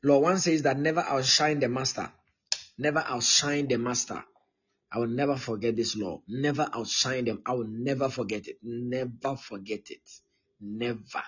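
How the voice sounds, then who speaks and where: Male pastor, 30s, very husky tone, insistent repetitive teaching style, muffled lo-fi stream. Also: mid-range voice, moderate pace, a bit bright. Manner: emphatic and repetitive, often checking in with "okay?". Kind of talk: live-streamed teaching sermon.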